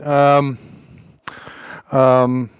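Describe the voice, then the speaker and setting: Guy doing some put-on accent, rambly and conspiratorial, keeps tripping over words, normal pitch, dead dry sound. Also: monotone, smooth, dry recording, muffled recording. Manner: rambling, halting, conspiratorial, self-amused; putting on an unplaced accent. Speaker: comic monologuist. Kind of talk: rambling comic audio message.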